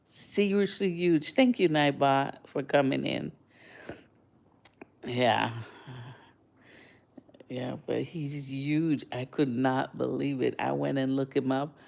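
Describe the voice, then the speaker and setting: Older lady from jamaica chatting on her stream, slow easy pace, gets all excited telling it. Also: gravelly. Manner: animated, exclaiming, rises high in surprise. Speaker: livestream host. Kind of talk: casual storytelling to viewers.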